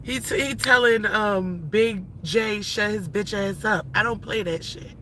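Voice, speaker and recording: A woman's voice: mid-range voice, a little slow, bright, forceful tone, slight background noise. A woman in her forties livestreaming to her viewers, talking bluntly and emphatically in slangy, rambling speech with lots of restarts. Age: 40s. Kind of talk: casual livestream talk to viewers. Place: in or near a vehicle in traffic.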